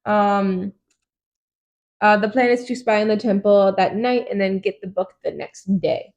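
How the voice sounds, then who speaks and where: A woman's voice: mid-range voice, unhurried, a little mellow, dull audio. A young woman casually recapping book chapters for a podcast, acting out the characters' lines with lots of ums and the odd swear. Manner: retells scenes in quoted voices, frequent ums, swears casually. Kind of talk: casual book-club chat.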